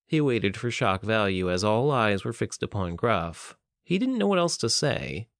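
A man reading a story aloud in a steady, even audiobook narration. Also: medium pitch, normal speed, creaky, few pauses, dry recording, clean studio sound.

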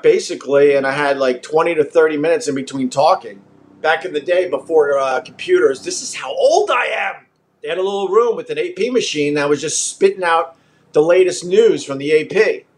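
A middle-aged man from Long Island with a light Long Island accent, hosting a radio talk show in a chatty, jokey, rambling way while achy and unwell. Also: a little high. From Long Island, New York. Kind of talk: casual radio talk with ad reads.

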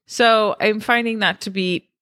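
A woman's voice: mid-range voice, steady tone, a little slow, a bit bright, no room sound, clean studio sound. A woman co-hosting a podcast in casual chat, rambling with lots of "like" fillers. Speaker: podcast co-host.

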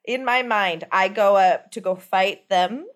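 A woman playing a tabletop game, animated, joking and boastful in the banter. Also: medium pitch, a little slow. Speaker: player.

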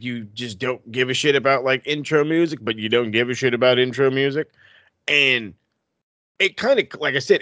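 A man co-hosting a casual wrestling podcast, talking in an animated, profane way that swings into excited outbursts. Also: medium pitch, dry recording. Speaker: podcast co-host.

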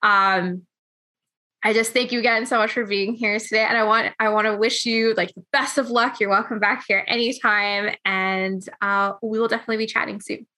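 Bright chatty woman hosting an interview. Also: medium pitch, steady tone. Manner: chatty, laughs easily, tells quick anecdotes. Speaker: podcast host interviewing a guest. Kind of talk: casual interview over a call.

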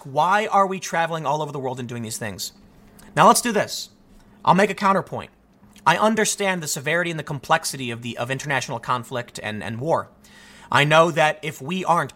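Fired-up, bright-voiced male commentator. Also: on the high side. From United States. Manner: heated, exasperated ranting with rhetorical questions. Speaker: political commentary host. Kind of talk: opinion monologue.

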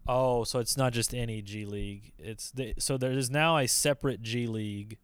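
A man's voice: medium pitch, normal speed, clear, resonant tone, dry recording. A man co-hosting a podcast in a casual chat, easygoing and a bit hesitant, asking questions. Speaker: podcast co-host. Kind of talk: casual chat about basketball.

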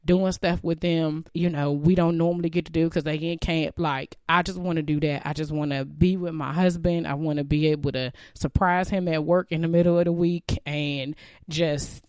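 A woman's voice: sits low, steady tone, moderate pace, darkish tone, clear, resonant tone, no echo, studio quality. A woman in her thirties sharing a heartfelt, reflective personal faith testimony about leaving her job.

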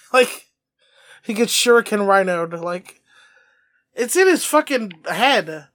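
A high-voiced man co-hosting a comedy podcast, excitable and quick to laugh as he swears his way through a cartoon recap. The sound is dry and close, with no room echo. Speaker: podcast co-host. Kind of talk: casual comedic chat.

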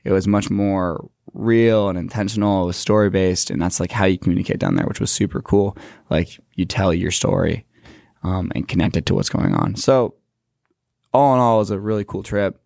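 A young man who works in children's ministry, casually recapping a trip on a talk show in a relaxed, filler-heavy way. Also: low-pitched, moderate pace, vocal fry, no echo, clean studio sound.

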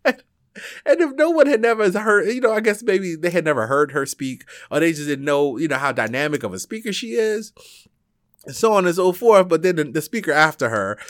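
A man with a stuffy nose from allergies, casually recounting an event with lots of fillers and restarts, growing animated as he goes. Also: a little high, a little fast, no echo, studio quality. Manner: rambling, many fillers and restarts; grows excited and animated while retelling. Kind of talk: casual spoken recap.

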